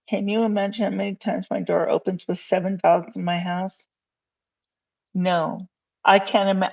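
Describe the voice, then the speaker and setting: A woman's voice: medium pitch, creaky, lo-fi sound. A middle-aged woman in a rambling casual livestream at home, talking to her chat and her dogs with lots of fillers and laughs. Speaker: YouTuber live-streaming. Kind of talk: casual livestream chat, reading comments aloud.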